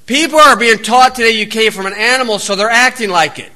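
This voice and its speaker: Blunt high-voiced preacher man. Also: fairly quick, sharp tone. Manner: blunt, plain-spoken, scolding. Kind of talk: sermon.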